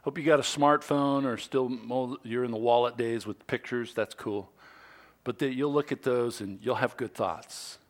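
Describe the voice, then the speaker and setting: Middle-aged male pastor, conversational sermon, average pitch, soft hushed moments. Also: moderate pace. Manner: conversational preaching with quoted asides, dropping to soft whispers.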